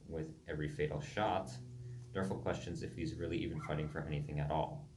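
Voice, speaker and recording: A man's voice: very deep voice, fairly even intonation, fairly quick, reverberant, background noise. A young man in his late teens reads his own game stories aloud, stumbling over foreign place names and correcting himself as he goes. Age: young adult. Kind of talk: casual reading of his own writing.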